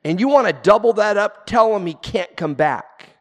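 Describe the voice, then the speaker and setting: Gravelly-voiced preacher man in a reverberant hall. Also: high-pitched, expressive, moderate pace. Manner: earnest preaching, rising to emphatic peaks. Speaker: pastor. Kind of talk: sermon.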